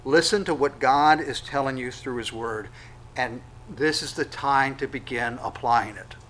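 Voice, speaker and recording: A man preaching a sermon, conversational, with sudden loud acted-out quotes. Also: medium pitch, a little slow, a little hiss or hum, low-quality recording. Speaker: pastor.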